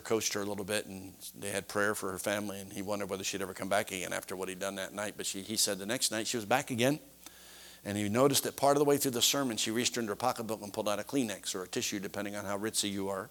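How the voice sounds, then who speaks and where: A man preaching a sermon, telling a story in a folksy, animated way. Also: on the low side.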